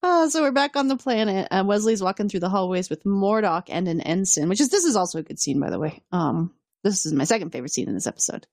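A woman co-host in casual chat, giggly and animated as she walks through the plot. Her voice sits mid-range and is recorded dry and close. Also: mid-range voice, fast talker, no echo. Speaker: podcast co-host recapping episodes.

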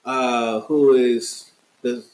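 A man's voice: mid-range voice, flat delivery, drawn-out words, darkish tone. Laid-back slangy man in an echoey room. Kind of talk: casual chat. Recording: echoey room with background hum.

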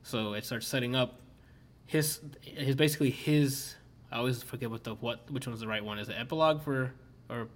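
A man's voice: mid-range voice, a little fast. A man streaming, chatting casually and rambling through a story, filling his talk with "like" and swearing often. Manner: rambling, swears a lot, many fillers. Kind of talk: casual chat.

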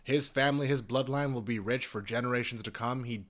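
A man's voice: medium pitch, brisk, fairly bright tone. A young man in a casual, profane, rambling rant, talking in an exasperated way. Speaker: commentator.

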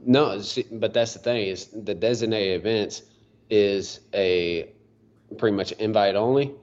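A man appearing as a golfer guest on a podcast, easygoing and quick to laugh in casual chat. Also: lowish voice, darkish tone, lo-fi sound. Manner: easygoing, laughs often, hesitant restarts.

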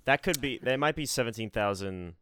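A young adult man co-hosting a podcast in casual chat, animated and joking, swearing now and then. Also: medium pitch, a little fast, clean tone, no echo, studio quality. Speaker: podcast co-host.

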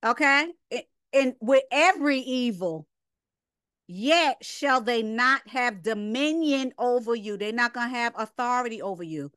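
A woman's voice: a little high, expressive, a little slow, a bit bright, smooth, dry recording, studio quality. A woman giving an informal Bible lesson, emphatic and conversational, who repeats her points as rhetorical questions. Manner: conversational, drops into casual asides. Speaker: Bible teacher.

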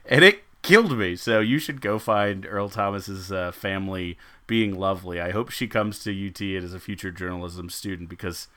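A man's voice: low-pitched, normal speed, sharp tone. A man co-hosting a sports podcast, rambling and joking in casual chat and laughing often. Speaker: podcast co-host.

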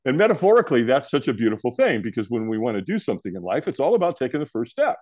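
An older man from California, a podcast guest telling a personal story in a lively way, acting out the other people's lines. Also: mid-range voice, very fast. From California, USA. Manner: animated storyteller who acts out the quoted voices. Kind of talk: storytelling in an interview.

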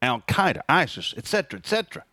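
A man hosting his own podcast, talking casually and sarcastically in an animated opinion monologue from home. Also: quick pace, dry recording, studio quality. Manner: animated, sarcastic, jumps high in pitch for emphasis. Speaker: podcast host.

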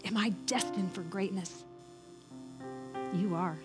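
A woman's voice: mid-range voice, slow pace, over loud music, poor audio. A middle-aged woman giving a sermon, telling a story in an earnest, encouraging way. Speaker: church speaker.

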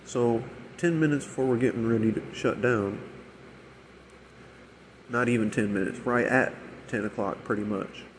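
A man's voice: medium pitch, normal speed, pauses often, a little hiss or hum, rough recording. A man telling a long, profane story about a difficult coworker, exasperated and imitating people's voices as he quotes them. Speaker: restaurant shift manager. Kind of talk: casual storytelling rant.

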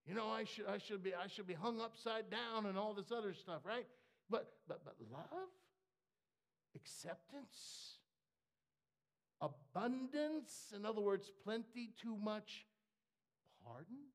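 Slow, gravelly-voiced male preacher. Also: high voice. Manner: impassioned, swings from hushed whispers to shouts; halting, repeats words as he builds. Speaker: pastor. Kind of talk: sermon. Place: church with a screen for the congregation.

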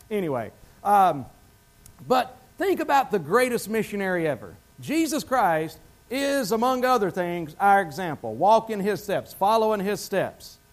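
Male pastor, high voice, conversational sermon delivery, quizzes the congregation. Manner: conversational, asks the congregation questions. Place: church.

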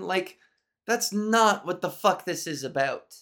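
A woman's voice: fairly low pitch, animated, normal speed. Nasal, profane woman podcast host. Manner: candid, profane, rambling with restarts. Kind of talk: solo podcast monologue.

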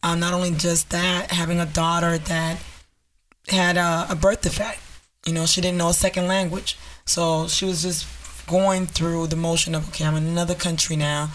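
A woman's voice: lowish voice, flat delivery, moderate pace, slight background noise. A woman in a casual chat, speaking thoughtfully and measuredly.

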